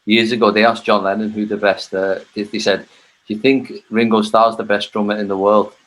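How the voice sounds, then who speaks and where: Man, Liverpool accent, podcast host, low pitch, relaxed rambling questions. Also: brisk, rough recording. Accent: Liverpool (Scouse). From Liverpool, England. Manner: loose, laughing questions with trailing restarts. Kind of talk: casual interview chat.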